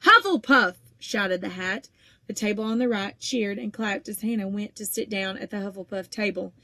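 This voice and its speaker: A woman's voice: mid-range voice, moderate pace, no room sound. Woman reading a story aloud, close and dry. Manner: steady, even storytelling with occasional small stumbles. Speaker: audiobook reader. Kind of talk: audiobook narration.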